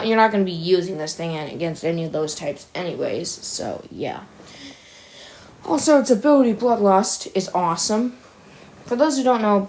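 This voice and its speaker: A young woman giving casual, opinionated commentary for a gaming video, chatty and quick to laugh at her own jokes. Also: mid-range voice, a little mellow.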